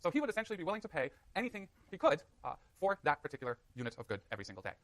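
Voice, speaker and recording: A man giving a university economics lecture in a hall, energetic and joking with his students. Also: on the high side, very fast.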